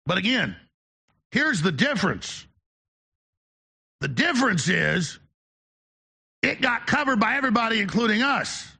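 A man's voice: sits high, sing-song, creaky, sharp tone, husky. A man hosting a talk radio show, delivering an emphatic, ranting opinion monologue. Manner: emphatic, ranting, fast-talking.

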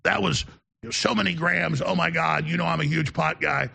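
Male host, bright and forceful, slightly high, rambling storyteller. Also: a little fast, creaky, slight background noise. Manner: rambling, digressive anecdotes. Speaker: show host. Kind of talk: casual on-air storytelling.

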